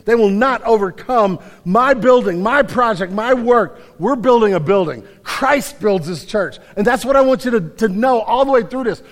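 A male pastor preaching a sermon, emphatic, swinging between loud declarations and quiet stretches. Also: very high voice, lively intonation, moderate pace, hardly any pauses, big-room sound. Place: church sanctuary.

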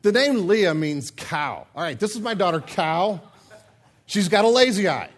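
A man preaching a humorous sermon, joking and talking in an animated, conversational way. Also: sits high, normal speed.

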